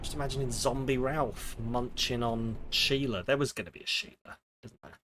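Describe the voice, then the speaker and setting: A man's voice: mid-range voice, fairly even intonation, normal speed, fairly bright tone. A man chatting casually with viewers while streaming a game, rambling and swearing freely. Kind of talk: casual live-stream chat while gaming. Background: game music.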